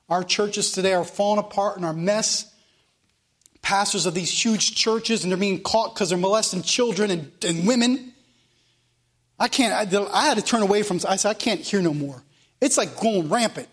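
A man preaching a fervent sermon, repeating phrases and swinging between loud and quiet passages. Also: high voice, moderate pace.

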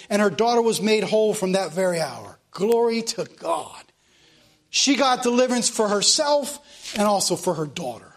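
A man preaching a fervent sermon, repeating phrases and swinging between loud and quiet passages. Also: high-pitched, lively intonation, moderate pace.

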